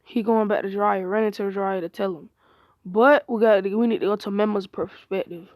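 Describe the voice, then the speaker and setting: A woman's voice: mid-range voice, fairly even intonation, a little fast, a little mellow, dry recording. A woman casually improvising a fan-fiction story, rambling with frequent restarts and slangy grammar.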